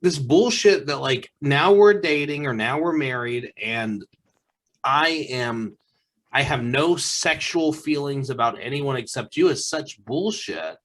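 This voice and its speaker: A man's voice: mid-range voice, expressive, unhurried, fairly bright tone. A man co-hosting a comedy podcast, arguing his point emphatically in casual chat. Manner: emphatic, argumentative. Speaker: podcast co-host.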